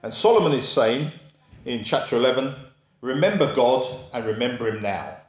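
Preacher in an echoey room. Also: male voice, animated, normal speed. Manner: conversational storytelling with rhetorical questions; acts out quoted voices in a high pitch. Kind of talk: sermon.

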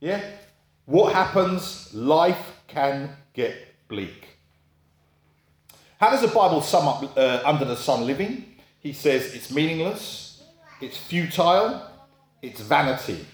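A man's voice: very animated, takes it slowly, long pauses, echoey room. A man preaching a sermon in a conversational storytelling way, asking rhetorical questions and acting out quoted voices. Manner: acts out quoted voices in a high pitch.

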